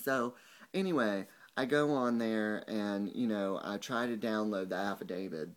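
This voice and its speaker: A man's voice: fairly low pitch, moderate pace. A young man ranting angrily to camera in a vlog, swearing a lot and mocking the people he quotes. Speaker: vlogger. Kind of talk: angry rant to camera.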